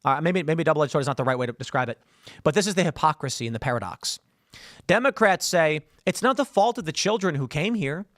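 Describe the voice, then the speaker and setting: A man's voice: fairly high pitch, expressive, fast, fairly bright tone, no room sound, clean studio sound. A man hosting live political commentary, talking in a sarcastic, mocking way and slipping into mock voices. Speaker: political show host. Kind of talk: opinionated live-stream commentary.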